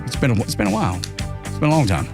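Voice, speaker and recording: A man's voice: on the low side, expressive, very fast, over music. A middle-aged man co-hosting a morning radio show, telling rambling, self-deprecating stories in casual banter. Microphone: studio microphone.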